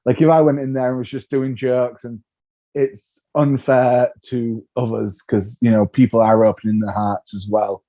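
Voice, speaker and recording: A man, a comedian being interviewed, telling stories in a lively way, acting out what people said and laughing often. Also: medium pitch, moderate pace. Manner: animated storyteller, acts out voices, laughs often. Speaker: comedian guest. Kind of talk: casual interview chat. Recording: dull lo-fi sound.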